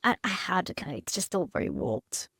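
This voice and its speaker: A woman in counselling, speaking hesitantly and haltingly about her fears, with frequent restarts. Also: lowish voice, big pitch swings, pushed and bright, no echo, clean studio sound. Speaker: mother seeking counselling. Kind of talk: emotional counselling conversation.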